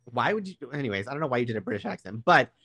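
A man's voice: mid-range voice, sing-song, rapid-fire, fairly bright tone. A man co-hosting a casual live podcast, talkative and opinionated. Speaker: podcast co-host.

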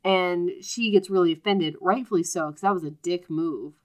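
Lower-voiced woman joining a book chat. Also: moderate pace. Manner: chiming in with agreement and plot details.

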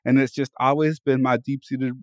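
A man co-hosting a podcast in casual chat, animated, often repeating phrases to pump himself up. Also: medium pitch, moderate pace, no echo. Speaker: podcast co-host. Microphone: studio microphone.

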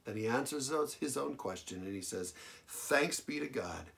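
A male pastor delivering a sermon, repeating phrases for emphasis and swinging between loud declarations and hushed lines. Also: medium pitch, lively intonation, normal speed, creaky. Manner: dramatic preaching, big swings from loud to hushed.

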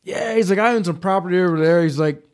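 A man telling hunting stories in casual studio chat, profane and animated. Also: high-pitched, fast talker. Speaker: podcast co-host.

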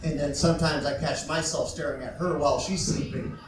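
A man's voice: a little high, steady tone, brisk, music in the background. A man doing a rambling, self-deprecating stand-up set on a comedy club stage and then hosting the show. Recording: echoey room, mic at a distance, loud noise. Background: audience laughter.

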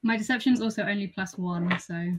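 A woman's voice: medium pitch, brisk. A woman playing in a tabletop role-play game, talking casually and giggling between lines. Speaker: player.

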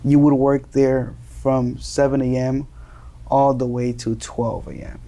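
A young man from Colombia, a native Spanish speaker, telling casual stories as an interview guest, animated and laughing often. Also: mid-range voice, a little slow. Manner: animated, laughing, acts out quoted voices. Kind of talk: casual storytelling.

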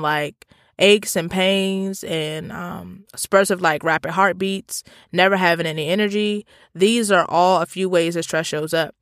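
A man telling a story straight to his listeners in a casual, profane, slangy monologue that swings between animated rants and calmer reflection. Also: high voice, dry recording, studio quality.

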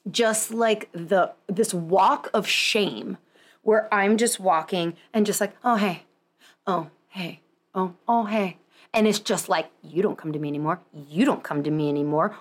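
A woman hosting a podcast, chatting casually and rambling with many fillers, poking fun at herself and acting out what others said. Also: medium pitch. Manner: rambling, self-deprecating, lots of "like", acts out quoted voices. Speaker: podcast host, chiropractor. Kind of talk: casual chat.

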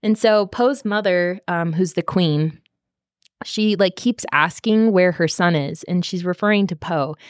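A woman's voice: fairly low pitch, a little slow, dry recording, clean studio sound. A woman co-hosting a book podcast, recapping the plot casually with lots of swearing and filler words. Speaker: podcast co-host. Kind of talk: casual book-club chat.

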